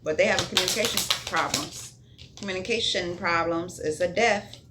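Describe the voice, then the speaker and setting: A woman's voice: fairly low pitch, normal speed, background noise. Profane sing-song tarot reader woman. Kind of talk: casual tarot reading.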